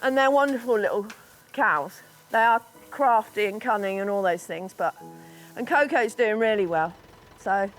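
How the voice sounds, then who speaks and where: A woman's voice: medium pitch, normal speed, soft background music. A middle-aged English woman farmer talking casually and with feeling about her animals. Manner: chatty, emotional, talks softly to animals. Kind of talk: casual chat on a farm.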